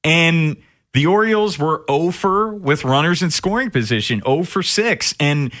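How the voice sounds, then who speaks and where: Male radio host, higher and bright-toned, emphatic sports talk with restarts. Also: expressive, unhurried. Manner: emphatic, restarts sentences when building a point.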